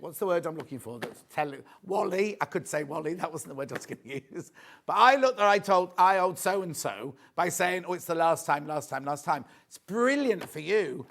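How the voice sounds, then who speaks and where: A man hosts a live shopping show, rambling and chatty as he pokes fun at himself. His voice sits fairly high for a man. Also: lively intonation, moderate pace, vocal fry, fairly bright tone. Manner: chatty, rambling, self-mocking. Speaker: shopping channel presenter. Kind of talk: live home shopping sales chat.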